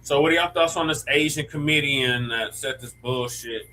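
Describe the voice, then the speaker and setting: A man's voice: a little high, moderate pace, bright, forceful tone, a little hiss or hum, low-quality recording. A man on a panel podcast, blunt, giving short agreements and correcting others. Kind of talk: casual panel discussion.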